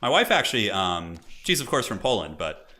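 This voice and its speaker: A young man streaming and chatting excitably as he commentates a multiplayer strategy game, laughing often. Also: on the low side, brisk.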